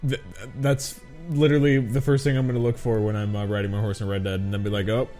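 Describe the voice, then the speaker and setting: A man with a fairly low voice rambles through a laid-back gaming chat, dropping casual swears and laughing often. Faint music plays quietly behind him. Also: flat delivery, quick pace. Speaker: podcast co-host.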